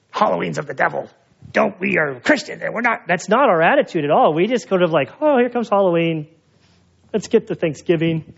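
A middle-aged male pastor preaching a conversational sermon, telling personal stories in an animated, self-mocking way. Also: on the high side. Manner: animated, chatty storytelling with self-mocking humor. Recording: dull lo-fi sound.

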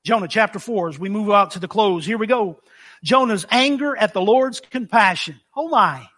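A man's voice: high voice, expressive, normal speed, a bit bright. A man preaching a sermon in a conversational way, acting out the scripture as he reads it. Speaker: pastor.

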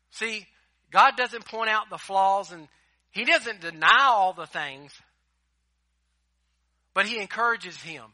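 A man preaching a sermon as a pastor, emphatic, swinging between loud declarations and hushed asides. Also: sits high, no room sound.

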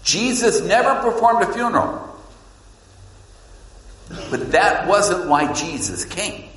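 A man preaching a sermon as pastor, swinging between loud emphasis and hushed, low lines. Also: very animated, slow pace. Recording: echoey hall with long reverb.

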